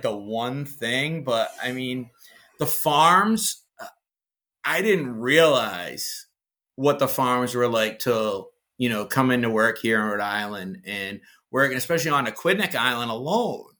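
A chef from Massachusetts talks in a casual interview with a clear Massachusetts accent. His voice is bright and forward, his pitch sits in the middle, and his stories come out with eager, animated energy. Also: unhurried. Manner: animated, enthusiastic storytelling. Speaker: executive chef, guest.

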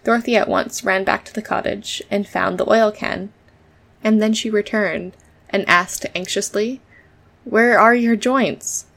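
Female storybook narrator, steady delivery with a creaky edge. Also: mid-range voice, moderate pace. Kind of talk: storybook reading.

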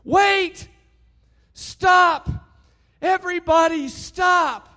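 A man's voice: on the high side, unhurried, darkish tone. A male preacher voicing a tender young man who pleads through tears. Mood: frantic shouting.

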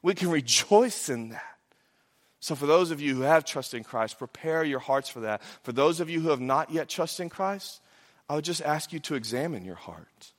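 A male pastor delivers a sermon with a fairly high voice. He moves between loud, fervent emphasis and soft, hushed lines. The sound carries a long, echoey hall reverb. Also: expressive, normal speed.

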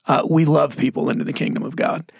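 A man's voice: on the high side, little pitch movement, fast, gravelly, slightly rough, no room sound, studio quality. A man with a Texan accent talking bluntly and folksily about faith, laughing often. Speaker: Christian podcast guest. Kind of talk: casual faith discussion.

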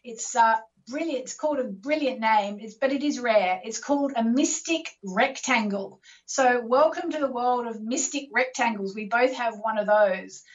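A woman's voice: a little high, moderate pace, hardly any pauses, muffled recording. A woman hosting a call-in astrology show, coaching callers through affirmations in an encouraging way.

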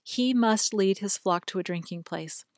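A woman reading a book aloud in a calm, measured and reverent way. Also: medium pitch, no room sound, clean studio sound. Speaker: reader.

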